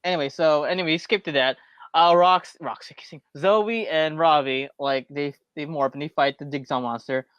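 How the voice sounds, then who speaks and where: A man's voice: fairly high pitch, moderate pace, a bit bright, clear, resonant tone, no echo, highs cut off. A man co-hosting a casual podcast, rambling through his points with frequent restarts. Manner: rambling, restarts often, many fillers. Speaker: podcast co-host. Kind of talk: casual show review chat.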